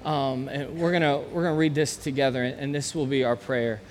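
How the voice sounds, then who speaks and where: Pastor preaching in a reverberant hall. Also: male voice, medium pitch, steady tone, fairly quick, a little hiss or hum. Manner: impassioned, rising to bursts of emphasis. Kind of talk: sermon. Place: church sanctuary. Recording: long hall reverb, faint ambience.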